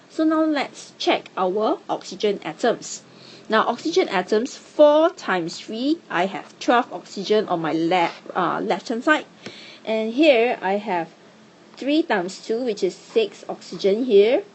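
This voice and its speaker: A woman's voice: mid-range voice, a little mellow, husky. A woman teaching chemistry, explaining step by step in a patient, encouraging way. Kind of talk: classroom lesson.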